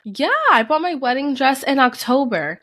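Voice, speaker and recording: A woman's voice: sits high, lively intonation, normal speed, a bit bright, dry recording, studio quality. A young adult woman co-hosting a podcast, telling a personal story in a candid, casual way full of swearing. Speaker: podcast co-host. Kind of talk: casual chat.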